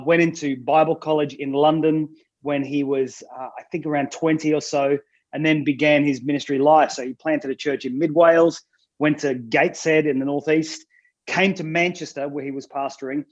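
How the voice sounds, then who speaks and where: A man's voice: a little high, dull audio. A middle-aged man with an Australian accent, a pastor telling his life story in a casual interview with jokey anecdotes over a video call. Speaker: pastor, guest.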